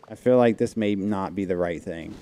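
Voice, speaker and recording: A man chatting casually and slangily while playing a video game, thinking out loud. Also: low voice, normal speed. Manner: chatty, slangy, says dude and like a lot. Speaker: gamer playing on stream. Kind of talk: casual gameplay commentary. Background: faint game music.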